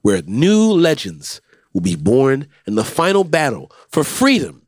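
A man with a raspy voice co-hosting a podcast in casual, teasing chat. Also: mid-range voice, huge pitch swings, measured pace, no echo, studio quality. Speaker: podcast co-host.

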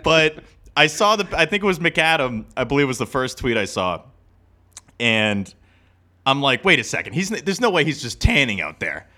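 A man's voice: medium pitch, very animated, normal speed, pushed and bright. A man co-hosting a sports podcast, talking in rambling casual chat with many restarts and laughs. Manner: rambling, self-interrupting, laughs often. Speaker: podcast co-host.

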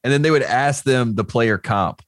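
A man co-hosting a relaxed sports talk show, telling stories with animated energy and frequent laughter. His voice sits at a middle pitch and is recorded dry and close, with no room sound. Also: normal speed, dry recording. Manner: animated storyteller, laughs often. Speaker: podcast co-host. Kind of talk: casual sports chat.

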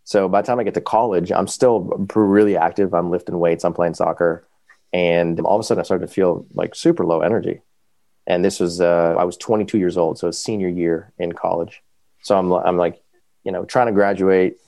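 Male podcast guest, deep rough voice, rapid casual storytelling, dry close sound. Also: no echo. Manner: animated, quick, full of fillers.

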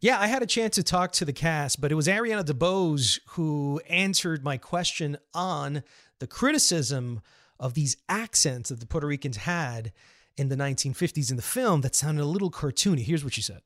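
Man, podcast co-host, fairly high voice, candid and hedging, dry close mic. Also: animated, moderate pace, a bit bright, no echo. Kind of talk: casual film discussion.

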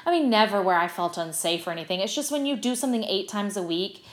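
A middle-aged woman, a stage actress, telling stories as a guest in a casual interview, animated and full of fillers. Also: medium pitch, fast talker. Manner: animated, chatty, lots of fillers. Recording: roomy echo.

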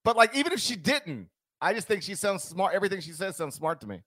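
A man's voice: high-pitched, very animated, quick pace, sharp tone, dry recording, clean studio sound. A man from the Southern US with a faint Southern accent, co-hosting a podcast in joking, laughing banter. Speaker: co-host.

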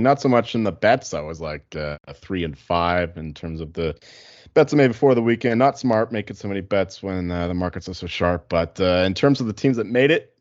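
A man's voice: deep voice, a little mellow, no room sound, lo-fi sound. Laid-back rambling podcast guy. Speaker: podcast co-host. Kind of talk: casual sports podcast chat.

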